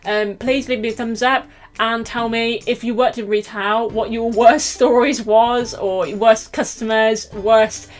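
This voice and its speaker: A young woman vlogger telling chatty storytime anecdotes, animated and giggly, acting out quotes loudly. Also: on the high side, a little slow, soft background music.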